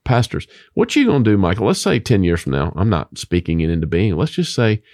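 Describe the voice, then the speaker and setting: A man's voice: deep voice, sing-song, brisk, darkish tone, no echo, clean studio sound. A man who is a Christian author, talking about faith in an emphatic, preacher-like way full of rhetorical questions.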